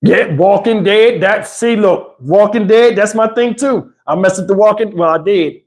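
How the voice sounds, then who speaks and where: A man's voice: high-pitched, moderate pace, a little mellow. Laid-back Southern man telling stories. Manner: loose storytelling, laughs often, mimics movie lines. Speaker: livestream host. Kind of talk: casual live chat reading donations.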